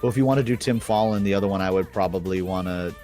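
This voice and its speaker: Man, podcast co-host, very low voice, laid-back rambling chat. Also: fast talker, mellow, soft background music. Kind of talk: casual chat.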